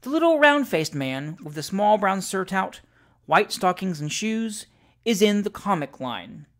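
An audiobook reader giving a measured, deliberate scripted narration of classic sketches. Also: medium pitch, sing-song, a bit bright.

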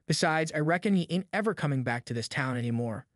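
A man's voice: fairly high pitch, animated, fast, dry recording, clean studio sound, natural voice. A man voicing scared backwoods boys. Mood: scared whisper. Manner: rustic dialect drawl, hushed and fearful. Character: two frightened backwoods boys whispering at night.

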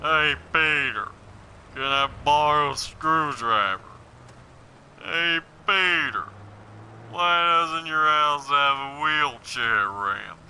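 Man putting on a gravelly cartoon cop voice, slow drawl, very bright and sharp, game noise behind. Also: fairly high pitch, full character voice, poor audio. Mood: gruff. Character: gruff adult male cartoon cop, loud and blunt.

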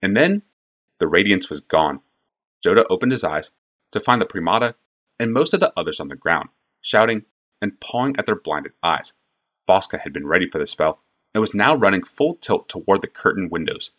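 A man narrating a fantasy audiobook in expressive storytelling. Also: low-pitched, normal speed. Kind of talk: scripted narration.

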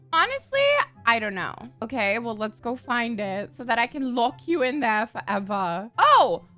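A young woman giving sassy, profane, excitable gameplay commentary, gasping often as she plays. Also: high voice. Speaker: gaming YouTuber.

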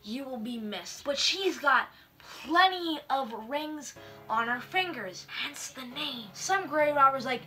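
A young woman hosting a comedic review of spooky stories, slangy and deadpan. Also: high voice, slow pace, soft background music. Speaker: host.

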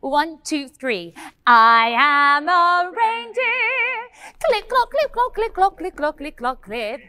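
A woman's voice: high-pitched, big pitch swings, normal speed, a bit bright. A woman playing a bubbly fairy-tale heroine. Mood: cheerful. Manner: bubbly, giggly, sing-song, addresses children. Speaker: pantomime performer teaching children. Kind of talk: pantomime children's vocal lesson. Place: indoor hall.

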